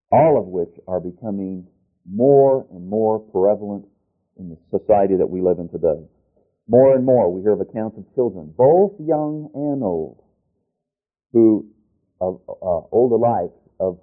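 A man preaching a sermon, reading scripture aloud and stopping often to restart and correct himself. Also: lowish voice. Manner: deliberate, with restarts and self-corrections. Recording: tinny phone-like sound.

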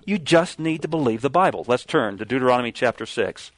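A man delivers a sermon, reading old scripture verses slowly and pressing hard on the key words. His voice sits in a middle range, and the sound is dry and close with no room around it. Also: mid-range voice, animated, fairly bright tone, no room sound. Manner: reads King James verses slowly, stresses key words, some restarts. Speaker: preacher.

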